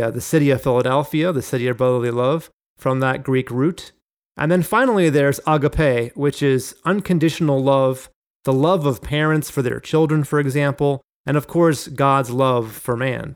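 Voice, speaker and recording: A man hosting a Bible study discussion, explaining word meanings and reading quotations aloud in a conversational teaching style. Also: mid-range voice. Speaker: Bible study podcast host.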